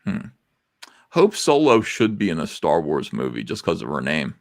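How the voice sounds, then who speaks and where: A man's voice: extremely low pitch, huge pitch swings, normal speed, no echo, clean studio sound. A man hosting a casual livestream talk show, rambling through crude, self-mocking stories. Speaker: podcast host.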